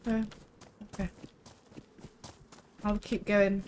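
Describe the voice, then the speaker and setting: A woman's voice: medium pitch, normal speed, long pauses, a little hiss or hum, low-quality recording. A young woman, chatting casually and rambling while live-streaming a game, swearing freely.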